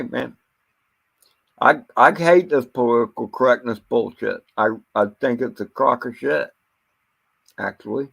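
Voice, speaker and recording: A man with a gravelly, creaky voice rambles through an unscripted monologue. He talks bluntly and swears freely, and he keeps stumbling over and repeating words as he goes. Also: medium pitch, lo-fi sound.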